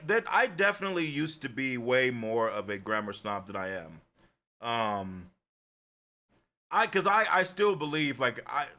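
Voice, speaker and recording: A young man streaming, chatting casually and swearing freely as he jokes with his viewers. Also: medium pitch. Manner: joking, animated, swears freely. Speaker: livestreamer.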